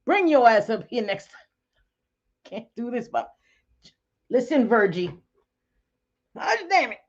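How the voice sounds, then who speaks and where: A woman hosting a casual livestream chat, talking bluntly and excitably, cursing and laughing often. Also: on the high side, measured pace, lo-fi sound. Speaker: livestream host.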